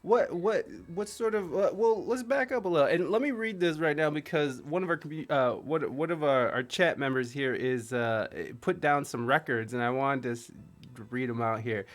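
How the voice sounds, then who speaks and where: A man hosting a casual music podcast, his voice sitting a little high for a man. He rambles, restarts his sentences and laughs at himself while he talks to his guest and his live chat. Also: normal speed. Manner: chatty, rambling, laughs often, self-deprecating. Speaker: podcast host. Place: home studio streaming with a live chat.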